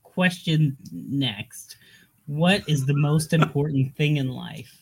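A man's voice: a little high, expressive, takes it slowly, vocal fry, breathy edge. A man hosting a podcast, chatting casually in a playful, often laughing way.

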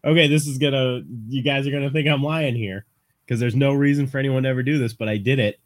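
A man co-hosting a podcast, talking casually in an animated, storytelling way. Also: medium pitch, quick pace.

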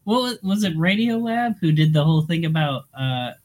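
A man's voice: on the high side, expressive, moderate pace, a little mellow. A man hosting a podcast, chatting casually in a playful, often laughing way.

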